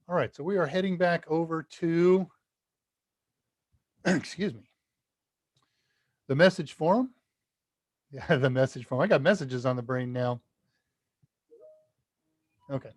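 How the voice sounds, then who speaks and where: A man teaches on a live stream, rambling in an easy, chatty way as he reads messages and talks through his project. His voice sits a little high for a man. The sound is dry and close to a desk mic, and his loudness swings as he leans in and out. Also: measured pace, pauses often, no room sound. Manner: rambling, chatty, talks to chat while working. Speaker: tech instructor hosting a live Q&A. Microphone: desk mic at a computer, level jumps as he leans away.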